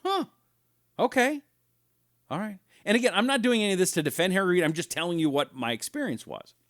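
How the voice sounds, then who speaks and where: A man's voice: high voice, animated, brisk, a bit bright, dry recording, clean studio sound. A middle-aged man hosting a live talk show, telling anecdotes in a chatty way and reading viewer comments aloud. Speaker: radio talk show host.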